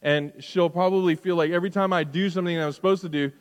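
High-voiced pastor preaching in a reverberant hall. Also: male voice, fairly even intonation, fast talker, clear, resonant tone. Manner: conversational preaching with rhetorical questions, swinging between loud and hushed. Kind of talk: sermon.

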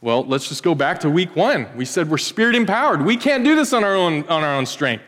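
A man's voice: a little high, very animated, brisk, fairly bright tone, big-room sound. A male pastor preaching in a conversational, joking way, acting out little everyday scenes. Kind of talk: sermon. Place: church.

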